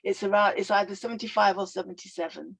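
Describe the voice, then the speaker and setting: Older woman, storytelling talk, animated and reflective, um's here and there. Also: mid-range voice, quick pace, creaky, rough recording. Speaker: guest speaker.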